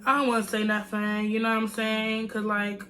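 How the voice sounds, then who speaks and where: A woman's voice: medium pitch, little pitch movement, moderate pace, sharp tone, a little hiss or hum. A young woman vlogger telling a story to her viewers in a chatty, slangy way. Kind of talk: casual storytime.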